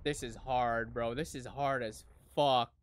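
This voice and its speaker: A man reacting to an anime episode as he watches, excitable and profane, swinging between loud outbursts and hushed remarks. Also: mid-range voice, a little slow, a little hiss or hum. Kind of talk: live reaction commentary.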